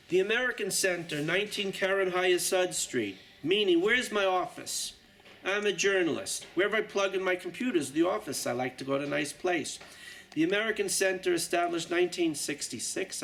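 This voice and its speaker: A man's voice: sits high, fairly bright tone, slight background noise, low-quality recording. A man in his sixties with a New York accent, a journalist rambling chattily through a casual tour of his exhibition, full of jokey asides. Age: 60s. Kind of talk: casual guided tour talk.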